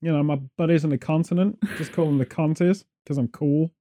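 A man's voice: a little high, steady tone, a little fast, dark tone. A man hosting a podcast, rambling and joking sarcastically in casual chat. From Britain. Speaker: podcast host.

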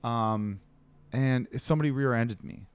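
A man's voice: medium pitch, a little slow, clean tone, dry recording. A man telling a story in casual chat, swearing freely and acting out the other people in it. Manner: animated, swearing, acts out other people's lines.

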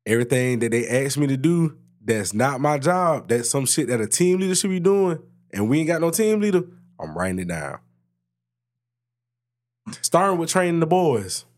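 A man co-hosting a podcast, telling a story about work in a casual, swearing, animated way. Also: moderate pace, pauses often. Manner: animated storytelling, swears freely, jumps high in pitch when excited. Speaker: podcast co-host. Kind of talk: casual chat.

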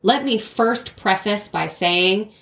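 A woman's voice: medium pitch, slow pace, vocal fry, fairly bright tone. Candid woman in an echoey room. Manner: candid, earnest, with frequent fillers. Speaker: podcast guest. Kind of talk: casual conversation.

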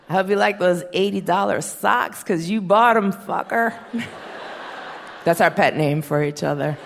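A woman in her thirties doing a stand-up comedy set, blunt and profane, with sardonic deadpan punchlines. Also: on the low side, moderate pace, creaky. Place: stage before a live audience. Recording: hall reverb and faint hiss.

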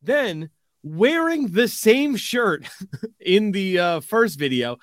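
Man recapping a story, casual podcast chat, filler-heavy, higher voice, dry sound. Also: big pitch swings, slow pace, no echo. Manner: recounting news, filler-heavy.

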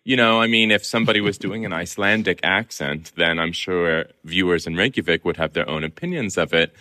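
A man from Southern California talks as a film columnist in an interview, making his points with articulate confidence. His voice sits very low, with a bright, forceful edge. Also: fairly quick. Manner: articulate, opinionated explaining. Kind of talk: conversational interview.

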